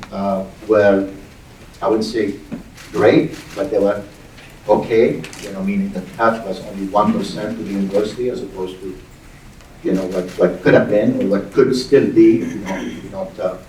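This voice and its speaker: Middle-aged guy giving a town hall, low voice, stops and repeats himself a lot, faint hiss, off-mic and roomy. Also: steady tone, darkish tone. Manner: halting, repeats words while thinking aloud. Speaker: acting university president. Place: large hall with audience. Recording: echoey hall, distant mic.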